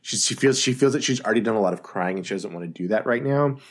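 A woman co-hosting a podcast in casual chat, low-key and giving short agreeing murmurs. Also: quick pace. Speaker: podcast co-host.

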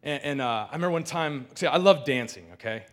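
Man, thirties, fairly high voice, candid, animated, restarts often, personal talk to a crowd. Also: quick pace.

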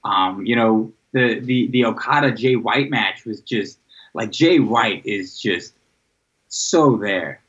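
A man's voice: fairly low pitch, slow pace, a bit bright. A man hosting a casual wrestling podcast, often restarting his sentences and teasing his co-host. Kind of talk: casual chat. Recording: dull lo-fi recording.

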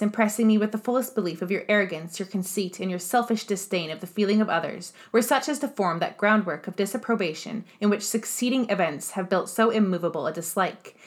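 A woman's voice: mid-range voice, natural voice. Woman reading as an indignant young lady. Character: spirited young woman, indignant and sharp-tongued. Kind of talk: audiobook character voice.

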